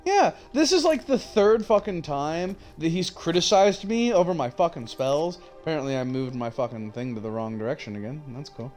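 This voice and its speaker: A man's voice: on the high side, expressive, normal speed, few pauses, darkish tone, soft background music. A young man streaming a game, chatting casually and telling a rambling, profane story. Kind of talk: casual chat while gaming.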